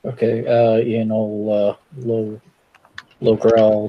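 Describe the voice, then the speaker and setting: A man's voice: fairly low pitch, monotone, slow, mellow, low-quality recording. A man playing in a tabletop game, talking casually with hesitant restarts. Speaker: player.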